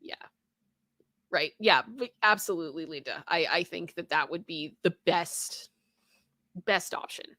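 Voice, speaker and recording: A woman's voice: on the low side, measured pace, sharp tone, dry recording, studio quality. A young adult woman hosting a casual live stream, reading viewer comments and chatting in a rambling way with many fillers and restarts.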